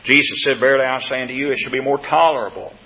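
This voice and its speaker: A man preaching a sermon to a congregation, quoting scripture and addressing the brethren, swelling loud and high on key phrases, then dropping low and soft. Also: rapid-fire. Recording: dull lo-fi sound.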